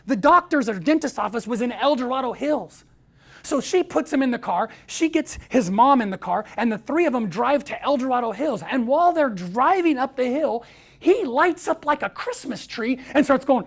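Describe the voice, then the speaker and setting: A man telling a story to an audience, acting out the quoted voices with lively energy. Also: very high-pitched, moderate pace, creaky, slightly rough. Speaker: speaker.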